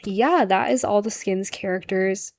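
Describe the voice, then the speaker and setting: A woman's voice: medium pitch, measured pace, a little mellow. A woman talking casually to the camera as a perfume vlogger, chatty and full of "like" and "um" fillers. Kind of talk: casual vlog monologue.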